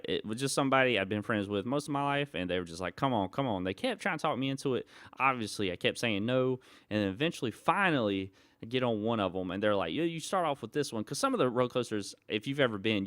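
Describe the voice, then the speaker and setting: Man, young adult, lively storytelling voice, dry close sound, rambling, laughs a lot. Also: lowish voice, no room sound. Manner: animated, rambling, laughs often. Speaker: YouTuber telling a story. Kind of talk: casual storytelling vlog.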